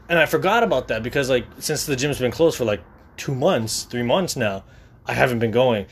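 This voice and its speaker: A man's voice: medium pitch, lively intonation, a little fast, slightly rough. A young man vlogging to his viewers in a rambling, profane way, often stammering and restarting. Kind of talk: casual monologue to viewers.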